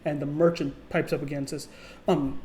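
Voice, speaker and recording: A man runs a tabletop role-playing game as game master, with a slightly high voice. He narrates casually, rambling through fillers. A faint hum sits behind him. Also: flat delivery, fast talker, darkish tone.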